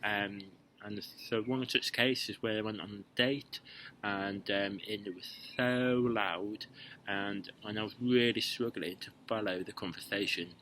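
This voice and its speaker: Young guy, lowish voice, chatty vlog advice, lots of ums, playful. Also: fairly even intonation, a little slow, bright, forceful tone, slight background noise, low-quality recording. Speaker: vlogger giving dating tips. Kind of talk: casual direct-to-camera advice.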